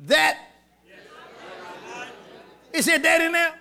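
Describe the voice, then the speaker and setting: Shouting, gravelly high-voiced preacher. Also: male voice, slow, a faint crowd. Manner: shouting, call-and-response, repeating words. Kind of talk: sermon. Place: church with congregation.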